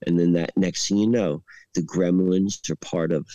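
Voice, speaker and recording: A podcast storyteller with a low voice tells a long, rambling story at normal speed in casual chat. He uses fillers constantly, especially "like," and stays animated, laughing as he goes. The recording has no room sound.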